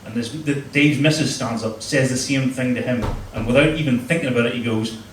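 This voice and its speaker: A man's voice: medium pitch, brisk, slight background noise. A man with a Northern Irish accent doing crude stand-up comedy, teasing the audience. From Northern Ireland. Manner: crude, crowd-teasing banter. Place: comedy club stage. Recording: roomy live venue, mic at a distance, crowd laughter. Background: audience laughing.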